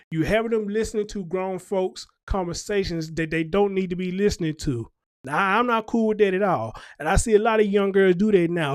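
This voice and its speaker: Male show host, high-pitched, dry close sound, preachy emphatic rant. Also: no room sound. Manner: emphatic, preachy, seeking agreement with the audience. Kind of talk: casual ranting commentary.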